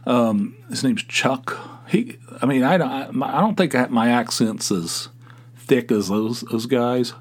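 Middle-aged Appalachian man hosting his own show; loose, halting talk full of restarts. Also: medium pitch, husky. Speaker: podcast host. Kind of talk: casual solo podcast monologue.

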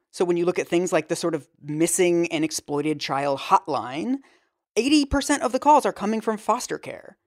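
Woman guest with a low voice, animated and quick, casual interview.

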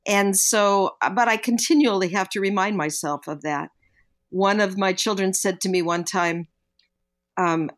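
An older woman co-hosting a casual podcast, telling parenting stories in an earnest, reflective way and brightening when she quotes people. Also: medium pitch, unhurried. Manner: earnest, reflective, animated when quoting others. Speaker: podcast co-host, parenting guest. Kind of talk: casual podcast chat, storytelling.

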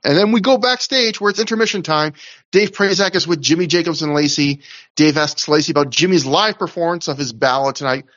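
A man's voice: fairly high pitch, fairly quick, a bit bright, highs cut off. A man hosting a podcast, recapping wrestling shows in a casual, chatty way with asides. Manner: chatty, recounting with asides and laughs. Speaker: podcast host.

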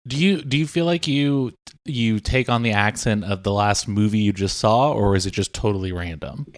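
A man co-hosting a comedy podcast as its producer, asking teasing, deadpan questions. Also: lowish voice, normal speed, no echo.

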